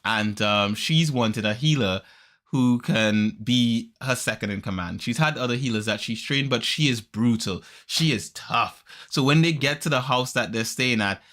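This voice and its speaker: A podcast host chatting casually, retelling a story in an animated way and acting out the characters. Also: male voice, medium pitch, normal speed. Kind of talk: casual chat.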